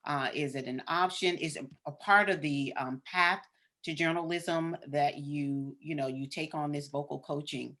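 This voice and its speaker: A woman hosts a casual interview podcast. Her voice sits low for a woman. She keeps the talk affirming and often murmurs agreement with her guest. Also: normal speed, fairly bright tone.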